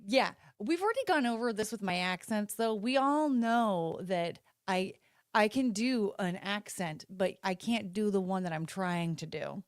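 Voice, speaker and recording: A woman hosts a casual livestream, talking to viewers through her phone, rambling and interrupting herself. Her medium-pitched voice is expressive and a little slow. The sound is dry and clean, studio-like.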